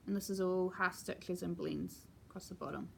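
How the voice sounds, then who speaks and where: A woman chatting casually at home as she shows her cross-stitch projects, talking in a relaxed way with plenty of ums and asides. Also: fairly low pitch, moderate pace, vocal fry, slight background noise. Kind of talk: casual show-and-tell chat.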